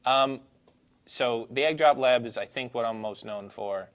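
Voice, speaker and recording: A teacher from Brooklyn, New York, a man with a New York accent, answering interview questions in a relaxed, rambling way. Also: mid-range voice, unhurried, clean tone. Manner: relaxed, rambling, laughs easily.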